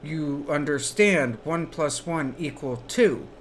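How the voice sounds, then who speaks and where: A man's voice: a little high, takes it slowly, a little hiss or hum. A man voicing a patient male college math professor who asks short questions in broken English. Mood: probing.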